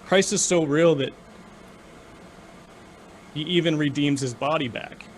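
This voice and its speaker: A man's voice: a little high, a little hiss or hum. A man co-hosting a casual discussion, speaking earnestly and restarting his sentences often. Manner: earnest, halting with many restarts. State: choked up with emotion. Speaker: podcast co-host.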